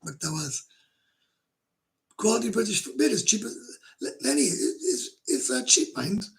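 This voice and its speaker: A middle-aged Welsh man with a high, creaky voice hosts a casual livestream, speaking a little slowly but very animatedly. He reads comments and chats to viewers bluntly and ramblingly, swearing freely and laughing a lot.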